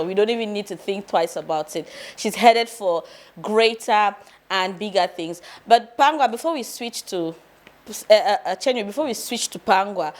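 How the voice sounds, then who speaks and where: A woman hosting a casual interview, chatty and quick to fuss over her guests. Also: medium pitch. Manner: warm, apologetic, fussing over a guest.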